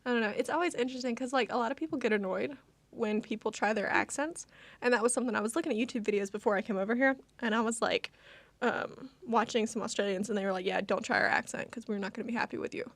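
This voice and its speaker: A woman's voice: fairly high pitch, fast talker, no room sound. Chatty young woman, dry sound. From United States. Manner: chatty, lots of fillers and laughter. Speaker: co-host. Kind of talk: casual chat.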